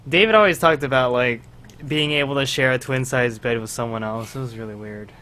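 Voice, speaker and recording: A man's voice: medium pitch, a little fast, sharp tone, slight background noise. A man co-hosting a podcast in casual chat, chatty and teasing. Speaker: podcast co-host.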